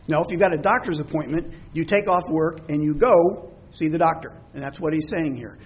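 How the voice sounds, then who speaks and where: A man's voice: a little high, fairly quick, few pauses, breathy edge. A man preaching a sermon, explaining scripture words with everyday examples. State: coughing, throat troubled. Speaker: pastor.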